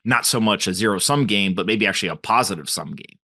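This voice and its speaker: A man's voice: fairly low pitch, fast talker, bright, forceful tone, no echo, studio quality. A man hosting an interview podcast, asking questions casually and retelling anecdotes with fillers. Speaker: podcast host. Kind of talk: interview host.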